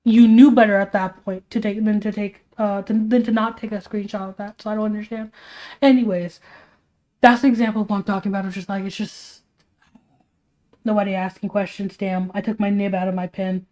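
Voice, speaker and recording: A woman's voice: mid-range voice, level tone, fairly quick, warm tone. A young woman streaming casual commentary while she draws, tired and exasperated, asking rhetorical questions as she rambles.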